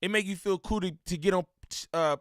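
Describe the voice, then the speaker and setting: A man livestreaming, reacting to a video and shouting out his chat in loose, slangy street talk with frequent laughs. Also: high-pitched, brisk, no room sound, clean studio sound. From Inland Empire, Southern California. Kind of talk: live-stream reaction and chat shout-outs.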